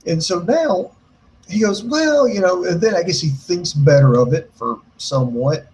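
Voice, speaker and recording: An American man co-hosting a casual show, telling a story in an animated way, swearing a lot and acting out the quotes. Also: on the high side, moderate pace, slight background noise, poor audio. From United States. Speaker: podcast co-host.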